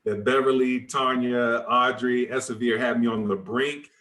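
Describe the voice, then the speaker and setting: A man's voice: mid-range voice, steady tone, normal speed, fairly bright tone, roomy sound. A man hosting an online book launch, easygoing and informal, often stumbling over and repeating his words. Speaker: event host.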